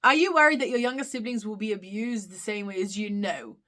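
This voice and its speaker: A woman's voice: mid-range voice, brisk, a bit bright. An Irish woman hosting a casual live question-and-answer stream, chatty and open, with many fillers and restarts. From Ireland. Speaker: livestream host answering viewer questions. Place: at home, on a live phone stream.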